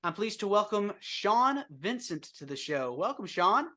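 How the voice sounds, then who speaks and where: A man's voice: sits high, sing-song, a little slow, sharp tone. A man hosting an interview podcast, upbeat and friendly with short reactions. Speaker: podcast host.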